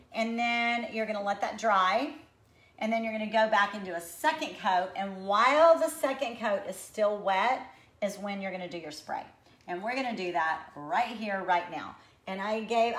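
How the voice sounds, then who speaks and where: A woman's voice: mid-range voice, fairly bright tone, low-quality recording. A woman with a Texan accent giving a live DIY painting demonstration, chatty and upbeat, answering viewer comments while she works. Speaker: furniture painting instructor.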